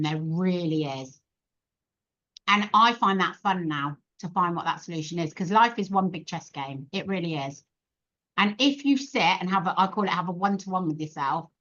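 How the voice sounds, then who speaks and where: A middle-aged woman tells stories as a podcast guest, animated and quick to laugh. She keeps slipping into the voices of the people she is quoting. The recording is dull and lo-fi. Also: fairly low pitch. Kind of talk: casual storytelling chat.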